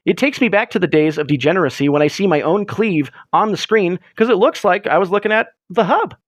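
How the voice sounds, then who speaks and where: A man hosting a livestream who rambles and mock-rants with plenty of swearing. His voice is high and jumps all over, and it sounds dry and close. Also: animated, a little fast, no room sound. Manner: rambling, profane, mock-ranting. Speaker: livestream host. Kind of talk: casual livestream chat.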